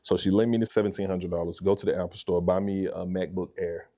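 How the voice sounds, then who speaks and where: Deep Southern man telling lively stories. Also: quick pace. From Mississippi. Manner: animated storyteller acting out quoted voices. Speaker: guest, real estate agent. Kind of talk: casual storytelling interview.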